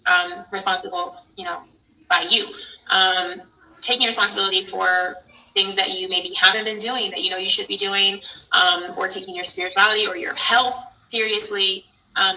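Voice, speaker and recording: A woman's voice: mid-range voice, bright, forceful tone. A woman guest in an interview, giving earnest, direct spiritual advice in a firm way. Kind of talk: interview answer. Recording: distant mic with faint noise.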